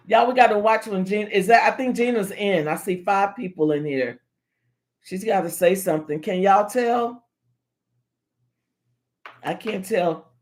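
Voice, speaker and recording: A woman chatting casually on her livestream, her voice swinging high and low as she jokes. She teases her friends and breaks into laughter often, with an animated, playful delivery at a middling pitch. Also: measured pace. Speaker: livestream host.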